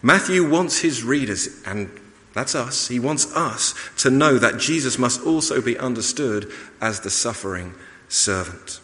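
A man preaching a sermon in a measured, emphatic way, pausing and restarting as he explains a passage. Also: medium pitch, lively intonation, sharp tone. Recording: long reverb of a large hall.

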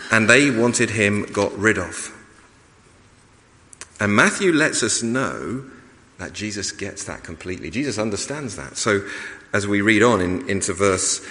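A man preaching a sermon in a measured, emphatic way, pausing and restarting as he explains a passage. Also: lowish voice, a bit bright. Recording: long reverb of a large hall.

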